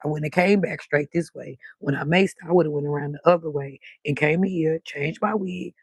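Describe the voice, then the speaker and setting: Gravelly, husky woman chatting late at night. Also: sits low, normal speed, no echo. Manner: loud, animated, cusses freely. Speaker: livestream host. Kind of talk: late-night livestream chat. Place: balcony outdoors at night.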